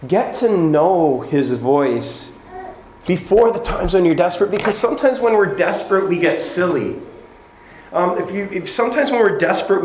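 A man's voice: fairly high pitch, a little hiss or hum. A man giving a conversational sermon as pastor, now and then acting out quoted voices. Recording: echoey room with faint ambience.

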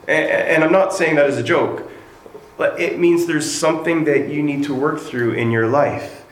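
A man preaching a sermon in an earnest way, lifting his voice with drama when he reads scripture aloud. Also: medium pitch. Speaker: pastor. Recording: echoey room with faint ambient noise.

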